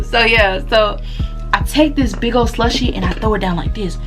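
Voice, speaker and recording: Animated young woman telling a storytime. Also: medium pitch, a little fast, soft background music. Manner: animated, slangy, laughing often. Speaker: vlogger and small shop owner. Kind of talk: casual storytime.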